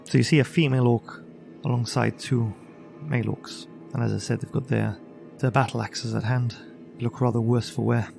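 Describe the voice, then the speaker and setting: A man running a tabletop game, narrating scenes at an even, mid-level pitch. His voice has a gravelly texture. Faint background music plays. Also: normal speed. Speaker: game master.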